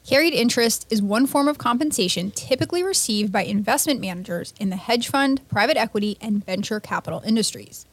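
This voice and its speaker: A woman co-hosting a podcast who banters quickly and sounds exasperated, speaking into a close podcast mic. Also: fairly high pitch, lively intonation, breathy edge. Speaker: podcast co-host. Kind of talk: casual podcast chat.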